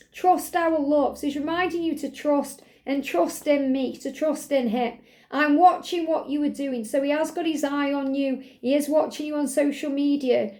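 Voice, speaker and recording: A woman giving a spiritual oracle card walkthrough, gently reading each card's message and reassuring the listener. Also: sits high. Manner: gentle, reassuring, reads card messages aloud then explains them.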